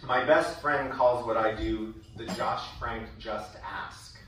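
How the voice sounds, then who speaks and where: Bright-voiced man giving a speech in a hall. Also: mid-range voice, slow pace, slight background noise. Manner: wry, animated storytelling with laughs. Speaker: former student giving a speech. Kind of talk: storytelling speech. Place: school event hall. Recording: echoey hall from far off.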